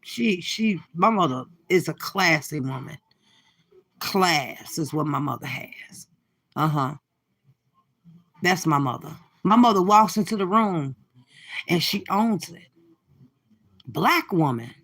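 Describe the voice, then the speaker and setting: A middle-aged woman doing profane, brash reaction commentary from her car, cursing and laughing through loud rants. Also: low voice, expressive, takes it slowly, long pauses, husky. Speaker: livestream commentator.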